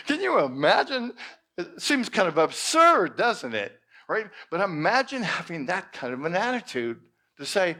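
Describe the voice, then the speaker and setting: A male minister preaching at a church service in an expressive way with playful exclamations. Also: on the high side, moderate pace. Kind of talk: sermon.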